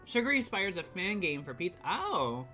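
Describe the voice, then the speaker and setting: Chatty woman streamer, super bright sharp voice, gets hyped, faint music behind. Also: on the low side, normal speed. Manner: excitable, chatty, reacts to chat, swears casually. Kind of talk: casual live-stream chat while gaming.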